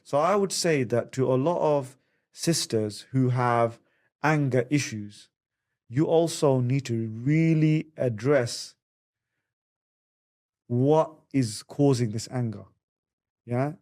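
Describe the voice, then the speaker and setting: Male counsellor, conversational podcast delivery, mimics others in raised voices. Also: slow. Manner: animated, acts out quotes with high voices. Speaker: Islamic family counsellor.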